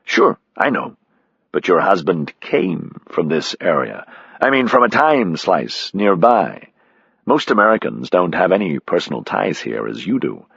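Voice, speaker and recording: A man's voice: low-pitched, sing-song, a little slow, vocal fry, fairly bright tone, breathy edge, no echo, dull audio, full character voice. A man voicing a blunt, sardonic American man.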